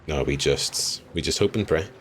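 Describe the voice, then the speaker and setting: A man's voice: rumbling low, normal speed, a bit bright, slight background noise. A young Irish man streaming a game live, chatting with viewers as he plays, laughing often and apologizing easily. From Ireland.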